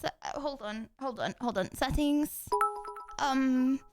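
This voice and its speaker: A young woman streamer talks to her chat in a high, bubbly voice. She is excitable and giggly and rambles from one thought to the next. Faint music plays behind her. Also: slow. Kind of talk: casual live-stream chat.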